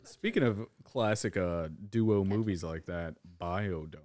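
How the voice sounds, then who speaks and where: A man's voice: sits low, measured pace, dry recording, clean studio sound. A man co-hosting a casual podcast, teasing the others and swearing freely. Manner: teasing, profane, animated. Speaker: podcast co-host. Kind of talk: casual chat.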